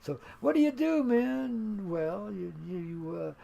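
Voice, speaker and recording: A man's voice: sits high, sing-song, measured pace, vocal fry, warm tone. An older man hosting his own radio show, talking in a folksy, laid-back, rambling way about spirit and life and laughing at his own jokes.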